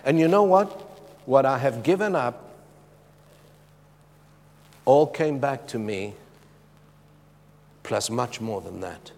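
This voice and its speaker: Middle-aged preacher in an echoing hall. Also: male voice, mid-range voice, animated, slow, gravelly, long pauses. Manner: emphatic, shifting from loud urgency to hushed. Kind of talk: sermon with personal testimony. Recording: long reverb of a large hall.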